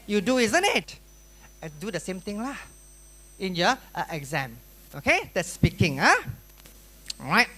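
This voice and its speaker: A woman with a Malaysian English accent lecturing students at an exam-preparation workshop, animated and playful, acting out chatter with sound effects. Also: medium pitch, measured pace, pauses often. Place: school hall.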